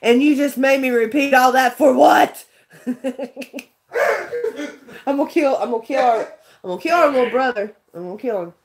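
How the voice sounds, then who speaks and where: Woman, casual live vlogger, rambling earnest storyteller, slightly high voice. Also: moderate pace, long pauses. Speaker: vlogger chatting with viewers. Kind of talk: casual livestream chat.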